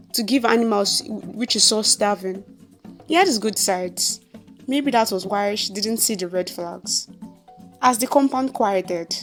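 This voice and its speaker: A Nigerian woman tells a story in an expressive, dramatic narrating voice. Her pitch sits in the middle of the range. Soft music plays faintly behind her.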